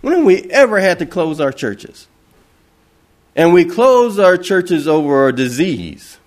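A man's voice: sits high, sing-song, a little slow. A man preaching an impassioned sermon, asking rhetorical questions and repeating phrases for emphasis.

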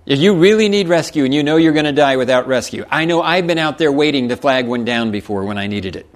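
A man delivering a sermon at a middle pitch, moving between steady scripture reading and relaxed, folksy explanation. He chuckles now and then as he makes his points. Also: fast. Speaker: preacher.

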